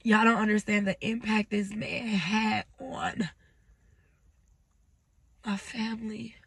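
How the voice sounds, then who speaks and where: A woman vlogger talking through tears in an emotional personal vlog. She speaks haltingly, breaks off mid-sentence and drops to near-whispers. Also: mid-range voice, steady tone, a bit bright, husky. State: tearful.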